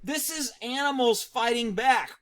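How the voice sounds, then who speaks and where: A man's voice: extremely high pitch, unhurried, sharp tone. A middle-aged man commenting on a video clip, mocking it and laughing constantly between phrases. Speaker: vlog host.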